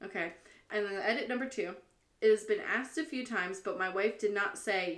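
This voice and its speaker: A woman in mid-range pitch co-hosts a casual podcast, reading forum posts aloud and breaking into laughter often. The room around her is roomy and echoey. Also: moderate pace. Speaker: podcast co-host.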